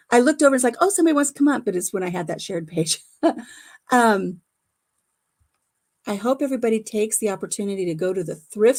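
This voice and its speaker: A woman's voice: medium pitch, a little mellow. A middle-aged woman hosting a casual home livestream on her phone, chatty and laughing often as she retells conversations. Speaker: livestream host. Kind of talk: casual chat.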